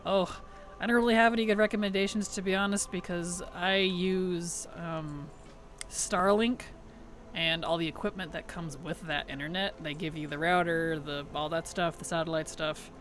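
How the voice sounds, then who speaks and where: Thanking subscribers and responding to chat, a woman streamer keeps things casual and giggles a lot. Her voice is on the low side and a bit bright, with fairly even intonation, moderate pace and a slight hiss or hum.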